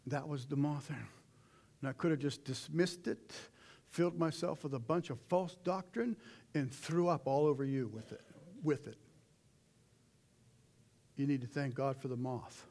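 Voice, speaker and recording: A middle-aged man preaching a sermon in a folksy, animated way, with sudden shouted asides. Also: medium pitch, measured pace, pauses often.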